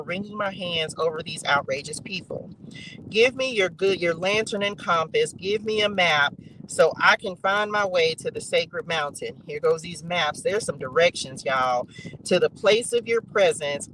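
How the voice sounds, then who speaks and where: A man's voice: sits high, sharp tone, slight background noise, poor audio. A man reading psalms aloud with emphatic repetition and casual asides to a live chat. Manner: emphatic, repeats phrases, colloquial asides. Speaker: online faith reader and streamer.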